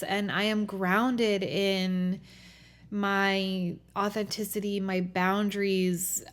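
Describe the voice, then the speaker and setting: A young adult woman talks through her thoughts on her solo podcast. Her voice sits at an ordinary middle pitch, and her speech is loose and conversational, dotted with fillers. She sounds thoughtful and unhurried. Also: fairly bright tone. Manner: casual, thoughtful, many "like" fillers. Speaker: podcast host. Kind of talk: reflective solo podcast talk.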